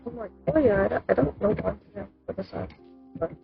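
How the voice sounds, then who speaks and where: A woman's voice: mid-range voice, fast, vocal fry. A woman hosting a let's play, musing casually and thinking aloud about the game. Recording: phone-like lo-fi mic with game music.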